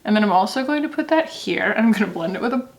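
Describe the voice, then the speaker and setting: A woman's voice: mid-range voice, lively intonation, quick pace, background noise. A woman vlogger talking casually through a makeup tutorial, chatty and loose, often laughing. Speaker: beauty vlogger.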